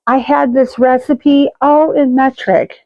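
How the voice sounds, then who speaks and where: Slow-talking chatty woman cooking host. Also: high voice, fairly even intonation, dry recording, muffled recording. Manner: chatty and self-mocking, jokes about her own accents. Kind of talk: casual cooking video chat.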